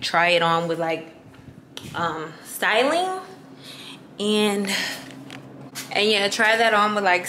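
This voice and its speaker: A woman's voice: medium pitch, fairly bright tone, slight background noise. A woman in her twenties vlogging casually to camera, chatty and slangy, talking straight to her viewers. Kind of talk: casual vlog chat to camera.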